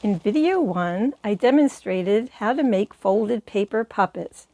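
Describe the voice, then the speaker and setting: A woman's voice: mid-range voice, lively intonation, unhurried, mellow, dry recording. A woman hosting a puppetry channel, explaining puppet techniques in an encouraging, teacherly way. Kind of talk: instructional video.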